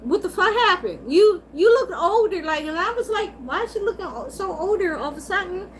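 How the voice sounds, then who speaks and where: High-voiced woman gossiping on a livestream. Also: a little fast, a little hiss or hum, rough recording. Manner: animated, gossipy, swears freely, laughs often. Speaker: livestream host. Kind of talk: casual chat about soap operas, reading live chat.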